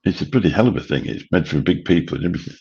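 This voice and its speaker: Man, late 50s, livestream host; husky, very deep, chatty and rambling. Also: animated, rapid-fire, darkish tone, muffled recording. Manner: rambling, chatty, swears casually. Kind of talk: late-night livestream chat. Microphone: studio mic through a mixer.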